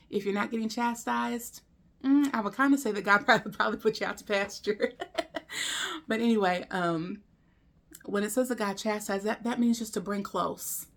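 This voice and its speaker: A woman's voice: medium pitch, vocal fry. Woman, ministry course presenter, casual to-camera teaching, lots of questions and ums. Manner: conversational, full of rhetorical questions; frequent ums and restarts.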